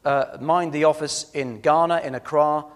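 A preacher with a somewhat high, steady voice delivers a sermon at normal speed, earnestly telling stories and hitting key words hard before going soft. The long reverb of a church hall rings around him.

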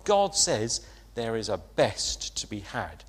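A man's voice: on the low side, big pitch swings, takes it slowly. A man preaching an informal sermon, chatty and hesitant, with frequent fillers and restarts. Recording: long hall reverb.

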